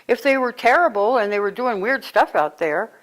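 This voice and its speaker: A woman speaking as a spiritual teacher to a live group, conversational and animated, telling stories and breaking into sudden exclamations. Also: a little high, normal speed, low-quality recording.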